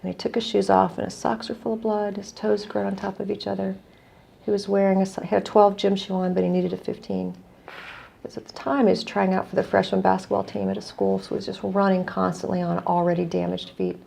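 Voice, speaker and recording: Gravelly, mellow-voiced woman storyteller. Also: mid-range voice, flat delivery, a little fast, slight background noise. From United States. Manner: earnest, reflective storyteller, quoting others in dialogue. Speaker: guest, non-profit executive director. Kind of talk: conversational storytelling.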